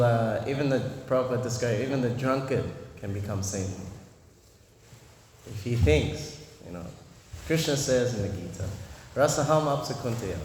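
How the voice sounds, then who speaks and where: A man from Australia giving a scripture class, telling stories and acting out voices and chanting. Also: medium pitch. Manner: animated storytelling, acts out voices and chanting. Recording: echoey hall, faint room noise.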